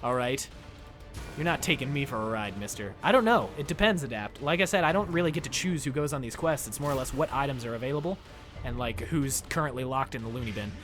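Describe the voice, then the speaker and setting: A man streaming a video game, talking casually with his viewers in a loud, jokey, excitable way. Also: mid-range voice, fast talker, soft background music. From United States. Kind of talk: casual live-stream commentary. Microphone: desk microphone.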